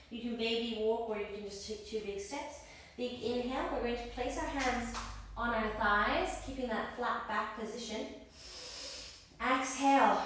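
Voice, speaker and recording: A woman's voice: a little high, far from the mic. A woman guiding yoga in an echoey room. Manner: encouraging cues, breath counting. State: a little out of breath. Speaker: yoga instructor. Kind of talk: guided yoga class.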